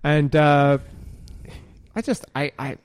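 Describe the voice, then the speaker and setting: A man's voice: a little high, slow pace, clean tone, dry recording, studio quality. A man in his forties hosting a podcast, chatting casually about movies, rambling and full of fillers, with the odd swear. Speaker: podcast host.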